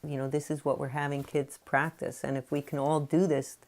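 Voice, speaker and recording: A woman's voice: sits low, level tone, brisk, darkish tone. A woman who writes about parenting, explaining her ideas in a conversational way with many "you know" fillers. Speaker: parenting author. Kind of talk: explanatory talk to camera.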